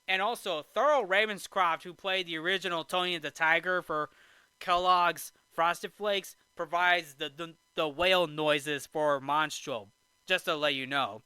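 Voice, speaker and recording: A man's voice: on the high side, a little slow, pushed and bright, clean tone, dry recording. A man hosting a movie review show, casually recapping a film in a rambling way with restarts and asides.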